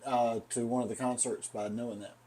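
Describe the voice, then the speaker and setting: A man's voice: medium pitch, flat delivery, brisk, warm tone. Chatty Southern man telling stories. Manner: rambling storyteller, laughs often. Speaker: podcast co-host. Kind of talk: casual chat.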